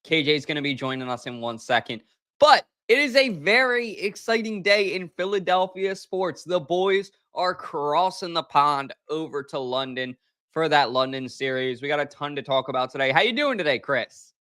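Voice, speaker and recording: A young man hosts a casual sports podcast in a high, bright voice. He talks in an upbeat, joking way and ribs his co-hosts. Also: expressive, moderate pace. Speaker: podcast host.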